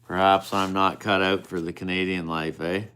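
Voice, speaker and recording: A man's voice: sits low, little pitch movement, normal speed, sharp tone, slight background noise. A man chatting casually with viewers on a live stream, teasing and swearing at them in an offhand way.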